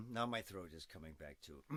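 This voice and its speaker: A man, hoarse from coughing, casually rambling through a voice demonstration and making puns as he goes. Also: medium pitch. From Denmark. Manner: digressive, punning, playful. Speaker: video host demonstrating a voice technique.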